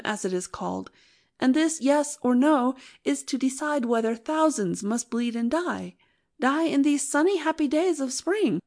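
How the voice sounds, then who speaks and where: A woman's voice: high voice, darkish tone, voice pushed up. A woman reading an audiobook, voicing a tender, fearful young wife who talks in an earnest, pleading way. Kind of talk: audiobook narration.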